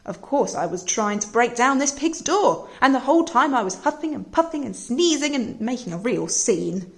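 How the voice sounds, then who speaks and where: A woman's voice: fairly high pitch, sing-song, moderate pace, gravelly. A woman reading as a sly, wronged wolf. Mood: aggrieved, sly. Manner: chatty storybook narration, aggrieved and wheedling. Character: sly, self-pitying male wolf telling his side. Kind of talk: read-aloud storybook narration.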